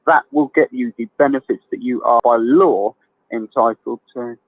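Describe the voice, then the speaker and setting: This is a man calling in to a live show, talking bluntly and laughing often. His voice is of middling pitch and comes through a tinny phone line with a dry sound. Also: moderate pace, no echo. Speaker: caller. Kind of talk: casual chat on a phone line.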